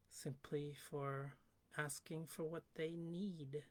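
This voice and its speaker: A woman livestreamer thinking aloud in a slow, musing monologue that sometimes drifts into a whisper. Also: sits low. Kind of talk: reflective spoken monologue.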